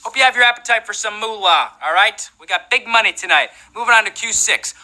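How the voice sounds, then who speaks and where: A man's voice: high voice, lively intonation, fast talker, bright, forceful tone, a little hiss or hum, low-quality recording. A man hosting a live trivia game show, playful and jokey, keeping the energy up.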